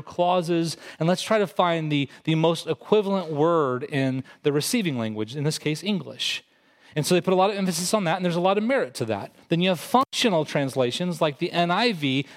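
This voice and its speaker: A man preaching a sermon in a relaxed, conversational way, like a pastor talking to his own congregation. His voice sits a little above the usual male pitch. He often repeats a word or two as he restarts a thought. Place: church hall with congregation.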